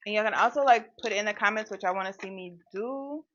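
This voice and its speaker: A woman's voice: mid-range voice, quick pace, fairly bright tone, slight background noise. A young adult woman hosting a casual live stream and chatting straight to her viewers in a rambling, talkative way. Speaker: host of her own channel, live stream. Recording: dull lo-fi sound.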